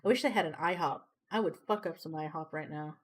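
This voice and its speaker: A woman's voice: sits low, fairly quick. Swearing, rambling woman streamer. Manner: rambling, swears freely, laughs at her own stories. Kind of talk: casual chat while drawing on a livestream.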